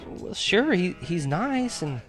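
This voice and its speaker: A man voicing a sweet, gentle teenage girl who speaks softly and hesitantly. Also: high-pitched, very animated, takes it slowly, soft background music, pitched above the performer's own voice, full character voice. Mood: shy. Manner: soft, hesitant.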